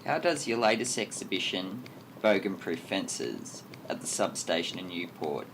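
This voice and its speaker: A man hosting a radio interview, asking scripted questions in a measured, formal way. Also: low voice, animated, fairly bright tone, a little hiss or hum.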